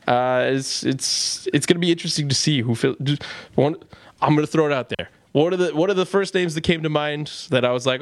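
A man hosting a call-in talk radio show, chatty, taking calls and riffing with quick asides. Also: a little high, no echo.

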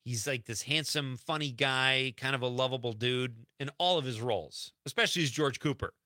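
A man's voice: mid-range voice, brisk, bright, forceful tone, no room sound. A man hosting a radio show in a studio, chatting loosely with plenty of fillers. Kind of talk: casual radio talk. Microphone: studio mic.

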